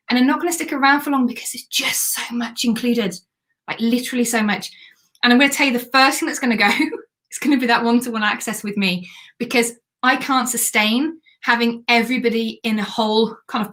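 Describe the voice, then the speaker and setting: A woman hosting a live stream as a business coach, chatty and excitable while pitching a program. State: has the hiccups.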